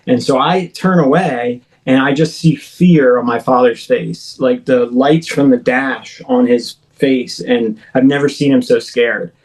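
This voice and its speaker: A man in his thirties, a guest on an interview, vividly recounts a personal experience in a medium-pitched, slightly mellow voice, often halting and starting over. The recording quality is low.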